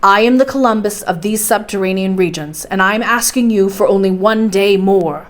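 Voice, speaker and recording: A woman voicing a stubborn, fearless older male professor in a storybook reading, speaking in a forceful, commanding way. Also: mid-range voice, natural voice. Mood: persuasive. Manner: forceful and commanding, slowing to insist.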